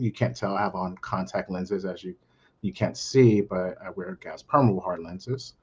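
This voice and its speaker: A middle-aged man from Brooklyn, under the weather, speaking on a panel in a halting way full of fillers. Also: sits low, a little mellow, slightly rough, muffled recording. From Brooklyn, New York. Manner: halting, many fillers and restarts. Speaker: panel guest, account manager. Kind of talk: casual panel talk.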